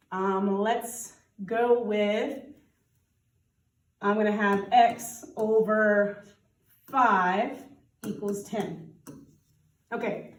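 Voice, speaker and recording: A woman teaching a casual math lesson, chatty and thinking aloud, laughing at her own slips. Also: a little high. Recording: roomy sound from a distant mic.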